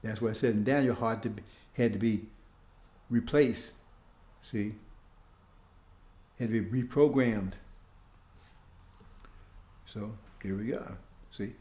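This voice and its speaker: A man's voice: on the low side, takes it slowly, long pauses, dark tone, reverberant. A man preaching informally, in a conversational tone, often checking in with his listeners with short questions. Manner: conversational, keeps asking "see?".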